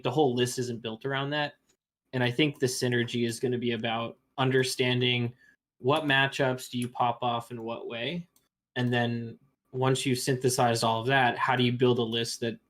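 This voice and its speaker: A man co-hosting a card-game stream, talking strategy in measured, casual discussion and building long points. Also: medium pitch, level tone, a bit bright. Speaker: stream co-host.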